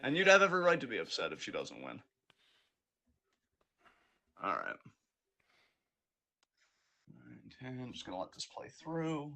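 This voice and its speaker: Bright-voiced man calling wrestling play-by-play. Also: medium pitch, fast talker, few pauses. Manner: animated play-by-play, hyping wrestlers. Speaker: wrestling watch-along co-host. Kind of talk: live reaction commentary.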